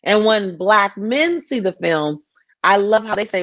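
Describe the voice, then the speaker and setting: A woman's voice: mid-range voice, animated, measured pace, a bit bright, no room sound. A woman filmmaker talking passionately in an interview, often restarting and repeating her phrases. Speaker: filmmaker guest. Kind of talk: interview conversation.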